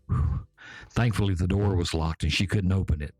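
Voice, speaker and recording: A man in his seventies with a Georgia accent telling folksy tales in an unhurried way, talking straight to his listeners. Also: deep voice, darkish tone, no echo, soft background music. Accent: Southern US, Georgia. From Georgia, USA. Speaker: storyteller host. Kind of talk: folksy spoken storytelling. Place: back porch.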